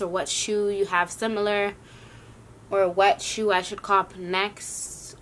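A woman's voice: on the low side, a bit bright, slight background noise. A young woman casually vlogging a sneaker haul, chatty and rambling, talking to her viewers and short of breath. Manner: chatty, addresses viewers as y'all, rambling asides.

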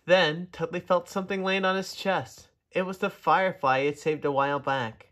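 A man reading a children's story aloud, gentle and expressive, talking to young listeners. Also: high-pitched, normal speed. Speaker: storybook reader.

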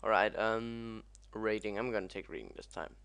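A young man commentating as he plays a video game, excitable and swearing often. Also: on the low side, moderate pace, gravelly, smooth. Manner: excitable, swears a lot, yelps at crashes. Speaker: gaming commentator. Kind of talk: let's play commentary.

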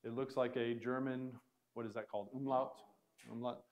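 A man lecturing to a small class in a church room, his voice sitting at an ordinary middle pitch. He explains loosely, pausing on fillers and starting sentences over. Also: fairly even intonation, a little mellow. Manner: casual, filler-heavy explaining with restarts. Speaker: Bible Greek teacher.

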